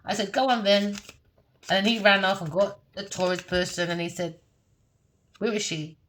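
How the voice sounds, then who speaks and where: A woman giving a casual tarot reading in a brash, profane, mocking way, laughing often and swinging between low muttering and loud, high bursts. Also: fairly even intonation, a little fast, slight background noise. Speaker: tarot reader.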